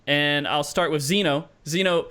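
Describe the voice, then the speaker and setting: Man, podcast host, casual chat, easygoing, fairly high voice. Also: normal speed, sharp tone, clear, resonant tone. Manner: easygoing, steering the questions.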